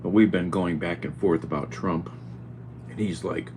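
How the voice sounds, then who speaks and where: A man vlogging at home, talking in an animated, exclaiming way to his cat and the camera. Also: deep voice, moderate pace, slight background noise. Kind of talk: casual chat.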